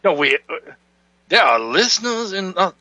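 Comic televangelist preacher, fire and brimstone, played by a man, lively swooping voice. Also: normal speed, no room sound, dull audio, heavily acted. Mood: fiery. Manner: preachy, booming, asks for donations. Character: bombastic fire-and-brimstone male televangelist pastor. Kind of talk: parody sermon banter.

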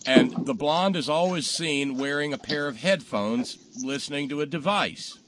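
A man hosting a talk show, telling jokes casually and acting out the punchlines loudly. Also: fairly high pitch, moderate pace, heavy background noise. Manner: animated storyteller, acts out punchlines loudly.

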